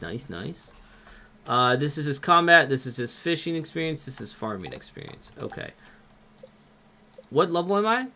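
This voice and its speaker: A young man with a Minnesotan accent, commenting on a game live and reading its text aloud in an excitable, jokey way. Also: a little high. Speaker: streamer.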